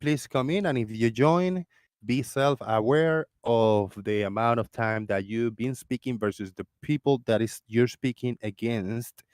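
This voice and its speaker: A man with a Floridian accent hosting a live call-in discussion, talking in an excitable, rambling way with many restarts. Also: mid-range voice, unhurried, clear, resonant tone, no echo, clean studio sound. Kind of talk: casual live-stream chat.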